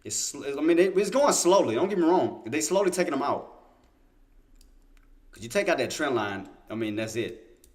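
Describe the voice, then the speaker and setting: A man with a fairly high voice hosts a day-trading livestream, giving live market commentary as he reads the chart. Speaking at a moderate pace with long pauses, he talks to himself, repeats phrases and restarts often, breaking into excited, insistent bursts.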